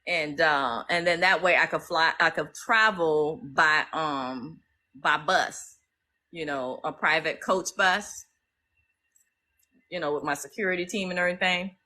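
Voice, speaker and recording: A woman from the US East Coast, talking casually to viewers on a phone live stream in an emphatic, repetitive, excitable way. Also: low-pitched, measured pace. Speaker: legal activist streaming live.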